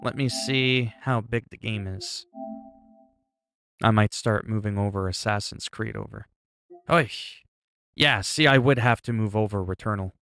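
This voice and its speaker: Male game streamer, chatty and exclamatory, lowish voice, dry close-mic sound. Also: unhurried, vocal fry, pauses often, fairly bright tone, no room sound, faint music behind. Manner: chatty, reacting to chat and exclaiming. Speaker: livestreamer. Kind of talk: casual livestream chat.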